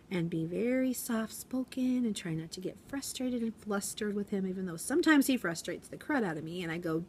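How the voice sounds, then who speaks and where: Speaking at normal speed with a husky, mid-range voice and lively intonation, a young female teacher rambles chattily to her phone camera from the classroom. She performs her pupils' quotes in different voices in this casual vlog.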